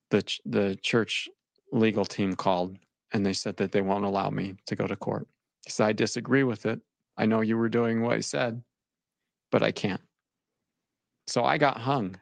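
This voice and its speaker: Young man, low and gravelly, halting and shaken delivery, dry recording. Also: no room sound. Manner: halting, repeats words, shaken. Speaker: interviewee recounting his experience. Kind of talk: emotional personal account.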